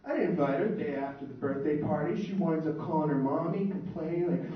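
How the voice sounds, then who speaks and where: A man's voice: on the high side, brisk. A young man performing a stand-up comedy set, telling crude, boastful stories and putting on voices for the people in them. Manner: crude, boastful storytelling with put-on voices for others. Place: small club stage. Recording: echoey, distant, dull lo-fi room recording.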